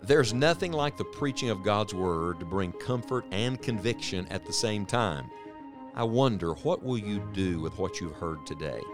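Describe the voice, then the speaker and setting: A man hosting a radio program, delivering a calm, earnest scripted sign-off. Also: lowish voice, normal speed. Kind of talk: scripted closing announcement. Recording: music bed underneath.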